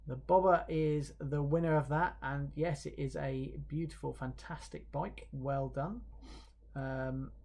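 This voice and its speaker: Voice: medium pitch, steady tone, slow pace, vocal fry, darkish tone. A presenter announcing awards on a livestream, chatting in a casual, hesitant way with lots of fillers and light self-mocking jokes while reading viewer comments.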